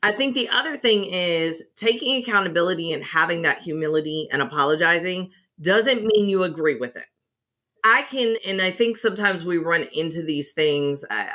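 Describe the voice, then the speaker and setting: A woman's voice: deep voice, moderate pace, sharp tone. A woman co-hosting a podcast conversation, talking emphatically and telling stories with animation. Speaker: podcast co-host. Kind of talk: casual conversation.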